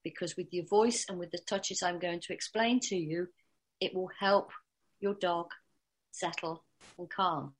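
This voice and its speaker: A woman calmly explaining dog training, speaking in an instructional way with small restarts. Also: on the low side, measured pace. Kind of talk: spoken instruction.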